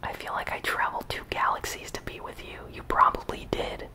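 A whisperer voices a clingy, moody young alien woman from a game in whispered role-play, cooing in a soft unvoiced whisper. The voice sounds natural and fairly quick, though the recording is rough.

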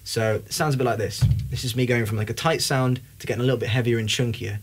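A man's voice: medium pitch, fairly even intonation, fast talker, faint music behind. A young man giving a casual, upbeat drum lesson, talking between demonstrations at the kit. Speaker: drum teacher. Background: drum kit playing.

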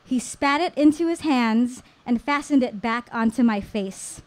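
On a small live stage, a woman in her thirties shares a personal story. Her pitch runs slightly high, and she moves unhurriedly, letting deliberate pauses hang between phrases. It comes across warm, with a storyteller's rhythm rather than a conversational one.

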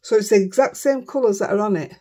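A woman's voice: medium pitch, quick pace, dark tone. A woman with a Yorkshire accent chatting casually while making cards, self-mocking and muttering to herself now and then. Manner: chatty, self-mocking, often mutters under her breath. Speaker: craft vlogger. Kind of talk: casual chat while crafting.

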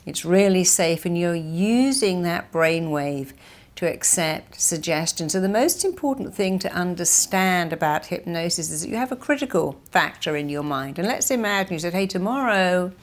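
A middle-aged woman, a hypnotherapist, giving an animated motivational talk and acting out inner voices. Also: fairly low pitch, moderate pace.

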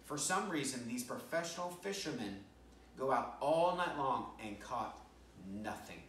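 A man's voice: medium pitch, expressive, measured pace, a bit bright, slight background noise. A male pastor preaching a sermon, telling a story and acting out quoted lines with restarts. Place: church sanctuary. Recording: roomy church sound from a distant mic.

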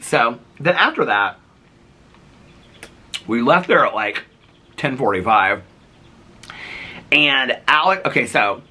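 A man in his forties tells a story to his camera like he is talking to friends. His voice is bright and quick and swings widely in pitch. He scatters fillers everywhere and jumps into the voices of the people in his story. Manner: chatty, many fillers; animated, voices people he quotes. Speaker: vlogger.

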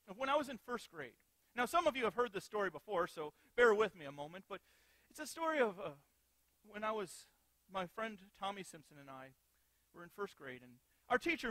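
A man's voice: high-pitched, fairly bright tone, no room sound. A pastor giving a sermon in an easygoing way, asking his listeners rhetorical questions and now and then repeating a word as he restarts. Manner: conversational preaching with rhetorical questions; repeats words when restarting.

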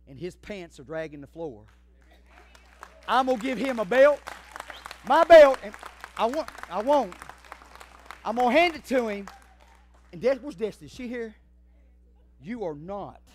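A man's voice: sits high, animated, normal speed, long pauses, a faint crowd, slight background noise. A man preaching a sermon as pastor, fervent and emphatic, speaking straight to his congregation. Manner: addresses the congregation directly.

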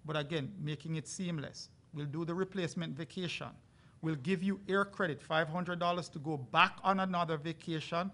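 A man speaking as a resort brand representative on a live panel, making an earnest, persuasive sales pitch. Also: steady tone, moderate pace, sharp tone. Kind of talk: panel discussion.

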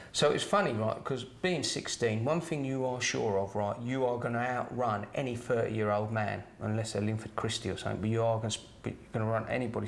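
Gravelly middle-aged storyteller. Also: male voice, medium pitch. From Kent, England. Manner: chatty, with "right?" tags and chuckles. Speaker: former doorman. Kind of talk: casual anecdote telling.

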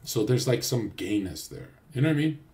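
A man's voice: medium pitch, expressive, brisk, darkish tone. A man livestreaming a casual rant, crude and boastful, swearing often and rambling loosely with restarts. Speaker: streamer.

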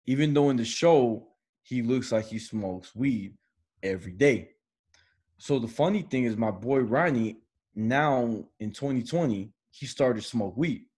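Young male podcast co-host, husky voice, animated storyteller, mid pitch. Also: a little slow. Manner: animated, laughs often while telling stories. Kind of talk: casual storytelling.

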